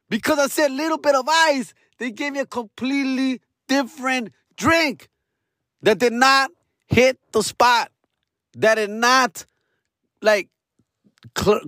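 A young man rants through a comic story, swearing freely and dropping Spanish words. His voice sits high for a man and swings widely in pitch. The sound is close and dry, with no room around it. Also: dry recording. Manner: profane, ranting, animated, slips into Spanish. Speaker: podcast host. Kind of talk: comedic storytelling rant.

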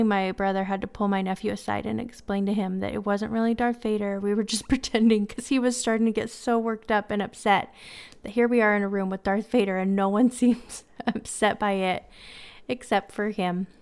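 A woman's voice: mid-range voice, smooth. A woman and mother hosting a podcast, telling stories in a chatty way and laughing often. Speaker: podcast host. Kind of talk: casual storytelling.

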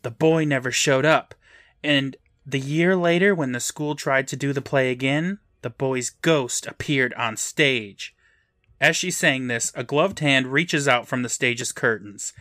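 A man with a bright, forward voice recaps a TV episode for his podcast, dropping deadpan, crude jokes into the plot summary. The sound is close and dry, with no room around him. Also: mid-range voice, dry recording. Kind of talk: casual recap narration with jokes.

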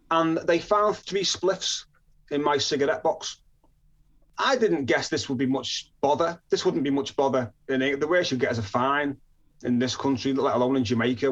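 Northern man, storytelling, rambling restarts, fairly high voice, dull lo-fi sound. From northern England. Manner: chatty, frequent restarts and chuckles. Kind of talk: personal storytelling.

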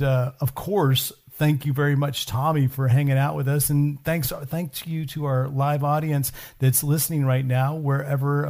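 A man's voice: medium pitch, a little mellow. A man hosting a podcast, chatting casually and often restarting his sentences. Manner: friendly, stammering restarts. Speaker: podcast host. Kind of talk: casual chat.

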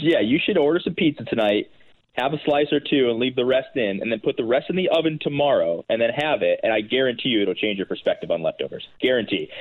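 A man's voice: mid-range voice, breathy edge. A man co-hosting a casual podcast, talking in a rambling way full of fillers. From Connecticut, USA. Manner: rambling, filler-heavy talk. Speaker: podcast co-host. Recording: phone-like narrow sound.

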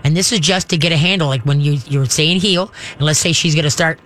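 A man with a fairly high voice hosts a call-in advice show as a dog trainer. He talks in a folksy, chatty way and often restarts his sentences. When he shows a command, he drops into a low, firm growl. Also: fairly quick, a bit bright.

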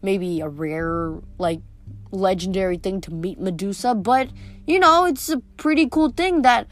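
Woman, casual novel reader, chatty asides, higher pitch. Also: moderate pace, a bit bright, faint music behind. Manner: chatty, full of fillers between chapters. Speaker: audiobook reader.

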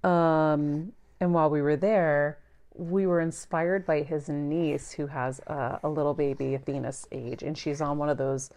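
A woman in her thirties with a low, fairly even, slightly mellow voice talks a little slowly. She co-hosts a podcast, chatting casually and rambling with plenty of fillers.

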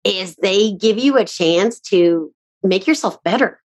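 A middle-aged woman hosts a relaxed interview, chatting in a mid-range voice. She tells stories with lots of laughter and acts out the quotes. The delivery is easygoing and conversational. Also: mid-range voice, unhurried. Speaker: podcast host.

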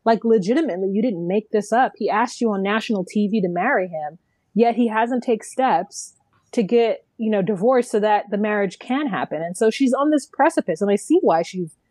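A woman talks through a TV episode in loose, opinionated podcast chat, leaning on "like" as she goes. Her voice sits at an ordinary middle pitch. The sound is dry and close, with no room around it. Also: fairly quick, darkish tone, dry recording. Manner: chatty, opinionated, heavy use of "like". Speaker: podcast co-host. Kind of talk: casual TV recap chat.

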